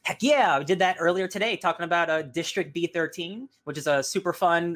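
A man's voice: fairly high pitch, brisk, few pauses, fairly bright tone. A man in his thirties hosting a podcast, joking and upbeat in casual chat. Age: 30s. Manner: jokey, upbeat, self-mocking. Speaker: podcast host.

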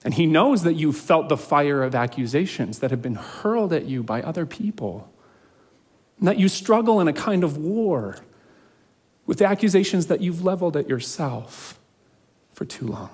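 A male pastor delivering a sermon with a somewhat high, light voice. He speaks earnestly and steadily, drawing out the phrases he wants to land. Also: animated, a little mellow, husky. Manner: earnest, measured preaching with emphatic slow phrases.

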